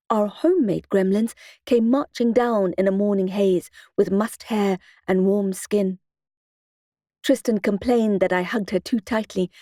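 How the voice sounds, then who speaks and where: A woman narrating a first-person audiobook in a steady, expressive storytelling manner into a close studio mic. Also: medium pitch, no echo.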